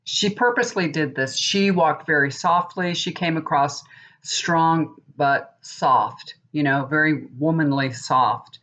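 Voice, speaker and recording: A woman's voice: deep voice, slow pace, fairly bright tone. A woman in her fifties, a tarot reader and psychic, rambling in casual chat to camera and getting worked up as she talks. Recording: dull lo-fi recording.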